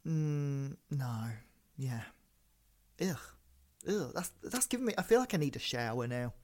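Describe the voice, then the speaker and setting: Male co-host, casual and emphatic, quick to react. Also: medium pitch, expressive, a little mellow. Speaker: podcast co-host. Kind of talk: casual chat.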